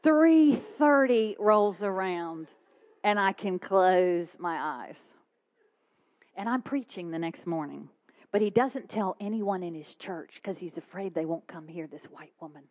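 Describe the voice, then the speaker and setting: A woman preaches from her own story. She tells it dramatically, often sinking to a hushed whisper. Her pitch sits in the middle of the female range. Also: lively intonation, unhurried. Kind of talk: testimony preaching.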